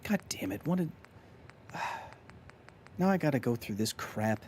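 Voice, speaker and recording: A man's voice: mid-range voice, sing-song, a little slow, darkish tone, a little hiss or hum. A man live-streaming a video game, chatting with his viewers in a jokey, casual way and reading in-game notes aloud.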